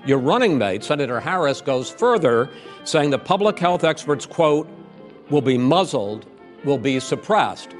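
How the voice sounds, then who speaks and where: An older man moderating a televised debate, measured as he presses the candidates with questions. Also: fairly high pitch, very animated, soft background music. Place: large debate hall.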